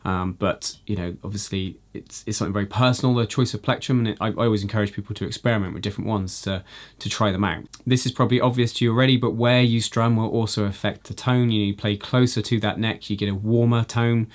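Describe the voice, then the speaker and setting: A man teaching a jazz guitar lesson, explaining in a relaxed way with frequent "you know" fillers. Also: fairly low pitch, fast talker. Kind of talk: instructional video lesson.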